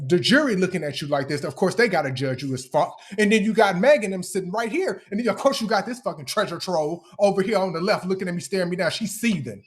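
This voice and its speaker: A young man ranting angrily on a live stream, heated, profane and confrontational as he answers his critics. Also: sits high. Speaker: livestreamer addressing critics. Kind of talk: angry live-stream rant.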